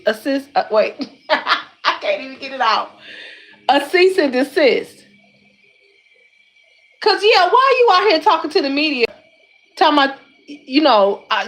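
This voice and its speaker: This high-voiced woman from Detroit runs a casual YouTube commentary, talking directly to her audience with lots of slang while a little winded from lifting weights. She's animated and full of exclamations, returning to the same words again and again.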